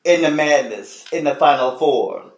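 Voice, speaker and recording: A man hosting a casual sports chat show, telling stories in an animated, slangy way. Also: on the high side, measured pace. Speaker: host. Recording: echoey room, distant mic.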